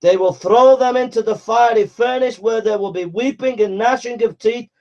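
A man preaching a fiery sermon, calling listeners to repent with forceful, repetitive exhortations and shouted commands. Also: very high voice, normal speed. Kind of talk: fiery street-style sermon. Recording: dull lo-fi recording.

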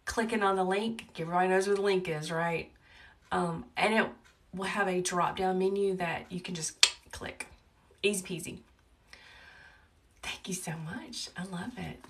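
A woman with a Southern US accent hosting a live wreath-making tutorial, chatty and talkative, with a calm, soothing voice. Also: medium pitch. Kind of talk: live crafting tutorial chat. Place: home wreath workshop. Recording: a bit distant from the mic, faint background noise.

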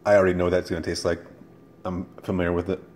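Deep-voiced man venting in a review vlog. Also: flat delivery, racing, slight background noise. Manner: exasperated, prone to loud profane outbursts. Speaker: product reviewer.

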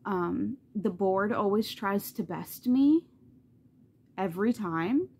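Woman vlogger rambling about a book, lots of "like" and cussing, animated, mid pitch, faint hiss behind. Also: slow, creaky. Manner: animated, swears freely, heavy use of "like". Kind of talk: casual reading vlog chat.

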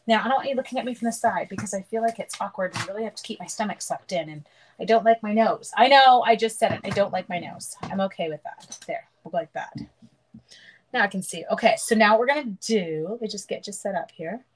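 A woman's voice: mid-range voice, quick pace, a little hiss or hum, low-quality recording. Chatty middle-aged woman hosting craft stream. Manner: chatty, greets viewers by name as she works. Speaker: papercraft demonstrator hosting a live stream. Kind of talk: casual live-stream craft demo.

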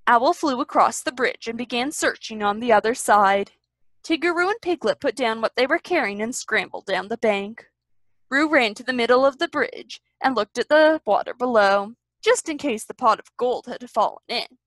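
A woman from a library reading a children's storybook aloud in an expressive, sing-song way. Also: on the high side, moderate pace, dry recording.

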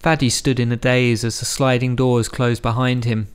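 A man narrating an audiobook in a steady, measured storytelling manner. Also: medium pitch, clean tone.

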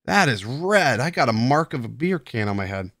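A man hosting a live stream at his desk talks in a loose, self-mocking ramble, tipsy and playful with his viewers. His voice sits at an ordinary male pitch. It sounds close and dry, with no room around it. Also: very animated, moderate pace, fairly bright tone, dry recording. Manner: tipsy and playful while drinking beer. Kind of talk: casual live-stream chat. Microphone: headset at a streaming desk.

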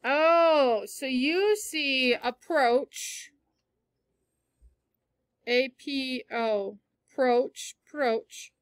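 A woman's voice: high-pitched, drawn-out words, pauses often, clear, resonant tone, no room sound. A woman teacher in a classroom, patiently explaining word meanings with everyday examples during a read-aloud lesson.

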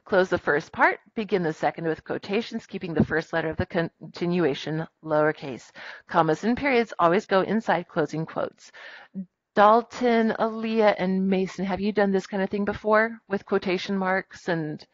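A woman teaching a grammar lesson in a classroom, brisk and firm with her students as she dictates punctuation aloud. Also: mid-range voice, dry recording, muffled recording.

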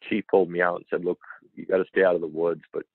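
A man's voice: low-pitched, fast, dry recording. A man telling an emotional personal story as an interview guest, earnestly acting out what others said. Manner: earnest, animated, acts out quoted dialogue. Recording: tinny phone-like line.

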